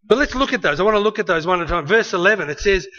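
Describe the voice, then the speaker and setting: A man preaching a sermon in a conversational, animated way, often ending points with a tag question. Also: sits high, racing, muffled recording.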